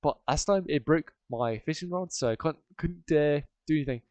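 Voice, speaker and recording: A man voicing a chatty male fisherman who fled a monster, talking in excited, tumbling, rambling bursts. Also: on the high side, moderate pace, no room sound, pitched above the performer's own voice, lightly acted.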